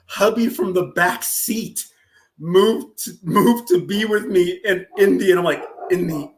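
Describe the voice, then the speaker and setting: A man from Los Angeles chats on a live stream, crude and joking as he reads messages aloud. His voice sits high. He talks at an unhurried, drawn-out pace. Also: a little hiss or hum. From Los Angeles, California. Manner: crude, joking, often laughing. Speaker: streamer reading chat. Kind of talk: casual live-stream chat.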